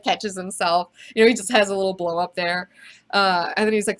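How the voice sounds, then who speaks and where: A young woman hosting a casual comic recap, excited and profane, rambling with lots of fillers. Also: lowish voice, normal speed. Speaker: comic book video host.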